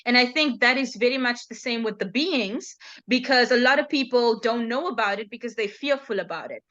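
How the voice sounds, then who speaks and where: A woman's voice: a little high, animated, a little fast, fairly bright tone. A woman guest in a casual chat, telling a story in a reflective way. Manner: reflective storytelling, with quoted dialogue. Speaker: guest author. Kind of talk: casual conversation. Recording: dull lo-fi sound.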